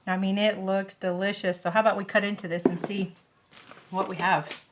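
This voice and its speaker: This is a middle-aged woman, chatting through a recipe in her home kitchen. She is bubbly and easily thrilled, and her voice sits at an ordinary middle pitch. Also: moderate pace, heavy background noise. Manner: bubbly, gushing, easily excited. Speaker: home cooking vlogger. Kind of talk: casual cooking demonstration.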